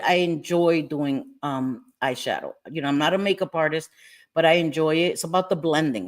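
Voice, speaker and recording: A woman chatting casually on a livestream, reading and answering viewers' comments, talkative and quick to laugh. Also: deep voice. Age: older. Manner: chatty, laughs often, animated.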